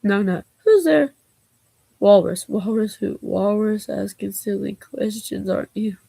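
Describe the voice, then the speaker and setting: A woman's voice: medium pitch, unhurried, creaky, warm tone, no echo. A woman vlogger reading knock-knock jokes aloud, taking both parts herself and breaking off for giggly asides.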